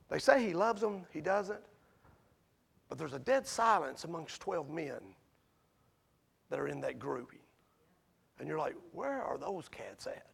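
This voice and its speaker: A man preaching a sermon in a conversational way, asking his listeners questions, swinging from shouted peaks down to quiet, low passages. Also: creaky, husky. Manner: conversational, asks the congregation questions. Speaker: pastor.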